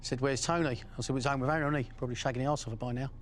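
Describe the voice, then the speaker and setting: A man's voice: medium pitch, steady tone, rapid-fire. A man, speaking bluntly in an interview and recounting his past with frequent fillers.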